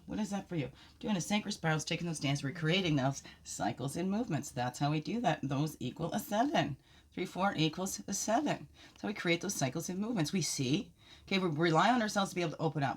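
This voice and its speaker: A woman's voice: fairly low pitch, breathy edge. Rambling woman reading spirit cards. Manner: rambling, expressive, laughs and sighs often. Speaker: oracle card reader. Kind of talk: casual spiritual card reading.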